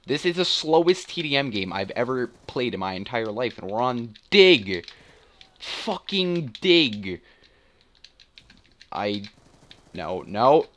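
A man's voice: medium pitch, animated, moderate pace, hardly any pauses. A young man giving live gameplay commentary, muttering and swearing as he grumbles about the match and himself. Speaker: gaming channel host.

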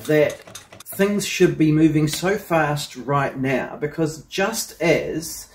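A man's voice: a little high, slow pace, roomy sound. A man hosting a hobby engineering channel, talking casually and rambling with frequent ums and you-knows. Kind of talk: casual vlog commentary.

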